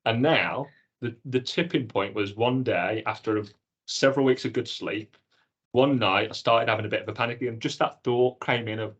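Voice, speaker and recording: A man co-hosting a podcast, telling his own experience in an earnest, animated way. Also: mid-range voice, moderate pace, husky, lo-fi sound. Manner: earnest, animated storytelling with acted-out inner dialogue. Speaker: podcast co-host. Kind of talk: casual chat.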